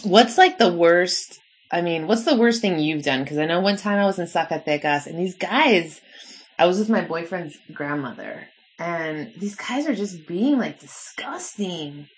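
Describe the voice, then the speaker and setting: A young woman in casual chat, telling animated stories with lots of "like" fillers. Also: lowish voice, moderate pace, breathy edge. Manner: animated storyteller, frequent "like" fillers.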